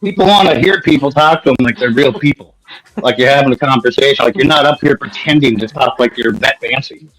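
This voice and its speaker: A man's voice: medium pitch, brisk, a bit bright, rough recording. A man co-hosting a casual live chat, teasing and joking with the others. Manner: teasing, joking, laughs often.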